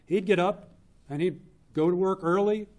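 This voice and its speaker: A man in his fifties speaks at a memorial in a funeral chapel, his voice sitting a little high for a man. He tells old family stories earnestly, pausing to let each moment land. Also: a little mellow. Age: 50s. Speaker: eulogist, younger brother of the deceased. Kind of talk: memorial eulogy, personal storytelling.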